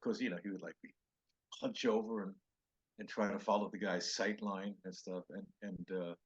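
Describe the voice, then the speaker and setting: An older man, a comedian guest, telling animated show-business stories in an interview and acting out the quoted lines. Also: low-pitched, normal speed, breathy edge, highs cut off. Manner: animated anecdotes with acted-out quotes. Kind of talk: storytelling interview chat.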